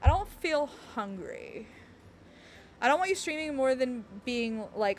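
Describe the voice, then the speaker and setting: A woman's voice: sits high, sing-song, measured pace, slight background noise. A woman streamer chatting casually on a live stream, bubbly and giggly, rambling with lots of fillers. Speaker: game streamer.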